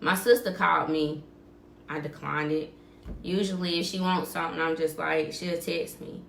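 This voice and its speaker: A woman's voice: low-pitched, fairly even intonation, moderate pace, vocal fry, a bit bright, echoey room, a little hiss or hum. A woman hosting a podcast, telling a story in casual talk and acting out what people said. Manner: vivid retelling, acting out quoted dialogue. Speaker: podcast host.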